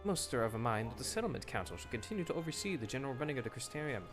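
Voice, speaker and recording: A man's voice: mid-range voice, very animated, very fast, music in the background, natural voice. A man reading aloud the lines of a formal, earnest woman who leads a city, in his own plain voice without any accent. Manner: reads game dialogue aloud in a plain voice, no accent. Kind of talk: reading game dialogue aloud.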